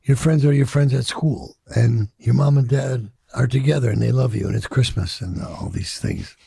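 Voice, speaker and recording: An older man with a deeply gravelly, husky voice recalls his past, swearing freely and slipping into the voices of people he quotes. His tone is dark and mellow, and the recording is dry and close, with no room around him. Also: normal speed, no room sound. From Chicago. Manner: profane, reflective, acts out quoted voices. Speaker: interviewee. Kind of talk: candid storytelling in an interview.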